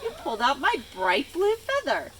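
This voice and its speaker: A woman's voice: sits high, wildly swooping pitch, normal speed, a bit bright, slight background noise, pitched above the performer's own voice, heavily acted, poor audio. A woman voicing a vain, bossy rooster with an indignant, screechy manner in a read-aloud storybook. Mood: distraught.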